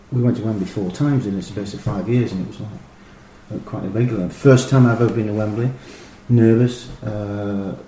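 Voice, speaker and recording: A middle-aged man, a former footballer, telling animated, rambling stories full of fillers and restarts. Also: fairly low pitch. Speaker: former professional footballer, guest. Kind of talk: casual anecdotal storytelling. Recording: roomy echo with faint noise.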